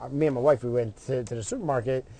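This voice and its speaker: A man's voice: mid-range voice, fast, mellow. A middle-aged man telling a story in a casual, profane way, acting out what other people said in his own voice.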